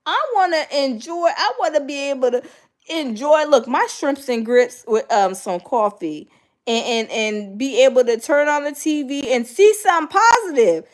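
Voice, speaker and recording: A middle-aged host's voice sits high and moves at normal speed during a casual chat with her live viewers. Animated and filler-heavy, she performs the voices of other people.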